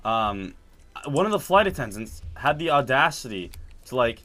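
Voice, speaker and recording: A man telling a story in casual chat while playing a game, animated and laughing as he acts out quotes. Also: medium pitch, normal speed. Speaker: gaming video host. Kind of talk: casual storytelling over gameplay.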